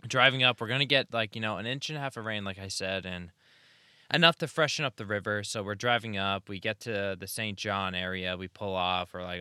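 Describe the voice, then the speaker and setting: Chill guy on a podcast telling a trip story, bright smooth voice. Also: lowish voice, moderate pace, no room sound, studio quality. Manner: storytelling, laid-back, many fillers. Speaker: podcast co-host. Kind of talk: casual chat.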